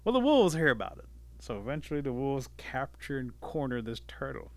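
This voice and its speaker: Animated man telling a folk tale. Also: mid-range voice, a little fast. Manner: animated, acts out voices and sounds. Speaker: storyteller. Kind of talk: oral folk storytelling.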